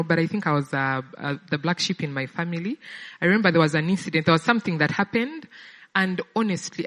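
A woman with a fairly low voice shares a personal testimony in the manner of a sermon. She speaks conversationally and often stumbles over and repeats words as she looks for the right ones. Her voice rings with the long reverb of a large hall. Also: fairly bright tone.

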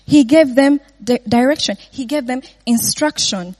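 A woman's voice: high voice, unhurried, a little mellow. A woman giving an informal Bible teaching, often laughing and checking in with her listeners with "yeah?" and "right?".

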